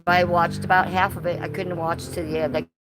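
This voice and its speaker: A middle-aged woman streams live and rants bluntly about someone she knows, swearing freely and talking back to her chat. Her voice sits on the low side, with steady background noise and passing car sounds behind her. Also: a little fast. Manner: blunt, profane, ranting, answers chat. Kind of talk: casual live-stream commentary.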